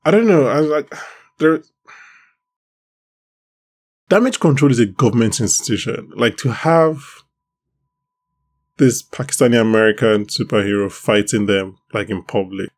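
A man's voice: medium pitch, expressive, measured pace, pauses often. A man hosting a podcast, chatting casually and rambling, with many restarts. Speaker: podcast host. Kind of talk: casual chat about a TV show.

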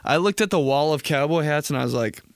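A man's voice: a little high, fast talker, no room sound. Profane rambling young man, dry close mic. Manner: rambling, profane storytelling with impressions. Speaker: podcast host. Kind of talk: casual solo comedy podcast.

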